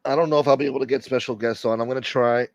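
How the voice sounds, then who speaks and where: A man's voice: medium pitch, steady tone, very fast, dry recording, muffled recording. A man hosting a casual live stream, joking and swearing as he greets viewers by name and asks for support. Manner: profane, joking, reading out viewer names. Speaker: livestream host.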